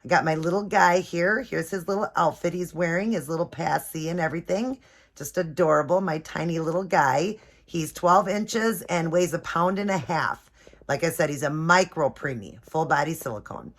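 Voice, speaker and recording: A woman's voice: fairly low pitch, normal speed. A woman vlogging casually at home, chatty and doting as she shows off a doll. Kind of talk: casual show-and-tell vlog. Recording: steady background noise.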